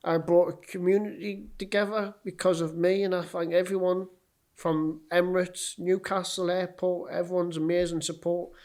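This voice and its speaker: A man's voice: sits high, flat delivery, moderate pace, a little mellow. A man with a Geordie accent, a podcast guest telling a personal story in a blunt, sweary way and acting out what people said. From North East England.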